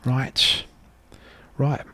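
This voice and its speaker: A man's voice: very slow, bright, forceful tone. A man putting on an exaggerated British accent as a cheery young bloke at the pub, in a playful, jokey manner. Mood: joking. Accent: British, put on.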